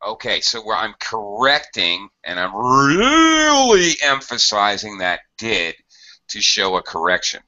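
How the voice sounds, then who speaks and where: A patient man teaching English over a call, his low voice bright and forceful. His pitch jumps around a lot as he acts out example lines. The audio is dull and lo-fi. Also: wildly swooping pitch, unhurried. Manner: patient, explains with acted example sentences. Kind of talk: online group English lesson.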